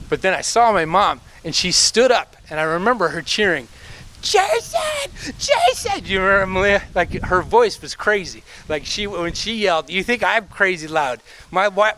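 Middle-aged guy preaching, fairly high voice, chatty stories then loud emphatic calls to the crowd. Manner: conversational storytelling that builds to loud emphatic exhortation. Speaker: pastor. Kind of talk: sermon.

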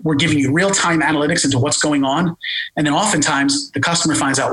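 A man with a Philadelphia accent explaining a technical product in an interview, talking fast and full of jargon. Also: a little high, fairly even intonation, fairly bright tone, slightly rough, rough recording. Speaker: tech company guest explaining voice AI.

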